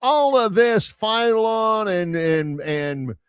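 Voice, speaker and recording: A man's voice: high-pitched, slow pace, clean tone, dry recording. A man who hosts a sports talk show and argues his points with emphatic, storytelling energy. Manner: emphatic, argumentative, lively storytelling. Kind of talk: sports talk radio debate.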